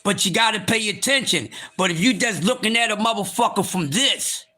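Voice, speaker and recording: A man hosting a live stream, speaking bluntly with plenty of profanity and swinging from calm talk to shouting. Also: high voice, a little fast. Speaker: livestream host.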